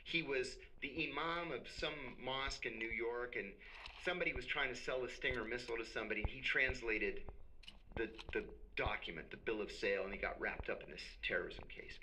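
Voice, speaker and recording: A man's voice: mid-range voice, brisk. A middle-aged man telling a story in conversation as a podcast guest, acting out the voices of the people he quotes. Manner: animated, acts out quoted voices. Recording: noisy recording.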